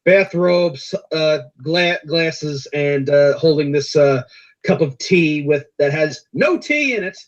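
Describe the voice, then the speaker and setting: A man's voice: a little high, lively intonation, slow pace. A young man who talks hesitantly and trips over his words, chatting as a livestream guest. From United States. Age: young adult. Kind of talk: casual livestream chat. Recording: dull lo-fi stream audio.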